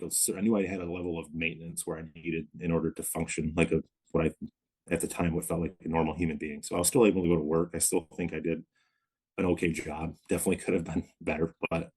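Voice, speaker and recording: A man in his thirties, a podcast guest, telling his story of recovery in a reflective, measured way with many pauses. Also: low voice, a little mellow, husky. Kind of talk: candid interview storytelling.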